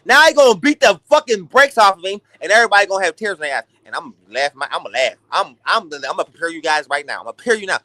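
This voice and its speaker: A man with a high, bright voice rants through a late-night boxing talk stream. He swears freely and swings between hype and mockery. The sound is dry and close. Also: quick pace, hardly any pauses, no room sound. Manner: animated, profane, ranting. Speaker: boxing talk show host. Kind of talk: casual livestream rant.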